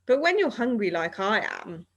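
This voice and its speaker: A woman's voice: a little high, big pitch swings, moderate pace, pitched above the performer's own voice. Woman voicing an earnest young boy. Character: hungry floating young boy.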